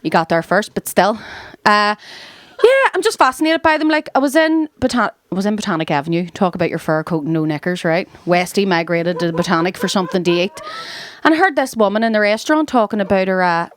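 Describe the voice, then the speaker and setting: A woman's voice: mid-range voice, animated, quick pace, no room sound. A woman from West Belfast with a Belfast accent doing a stand-up set, with brash, sweary banter aimed at the crowd. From West Belfast, Northern Ireland. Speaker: stand-up comedian. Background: live audience laughing.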